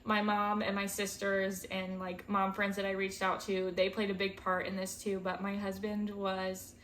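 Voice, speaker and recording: A woman's voice: mid-range voice, completely flat delivery, moderate pace, a bit bright, slight background noise. A woman in her twenties, a first-time mom, talking candidly and emotionally to camera in a chatty way with lots of "like" and "um". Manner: candid, emotional, close to tears at times; chatty, many fillers like "like" and "um". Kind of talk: casual talk to camera.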